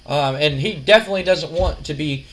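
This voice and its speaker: A man casually narrating a wrestling sim game, rambling and animated with lots of fillers. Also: fairly high pitch, fairly quick, poor audio. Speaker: gaming video host.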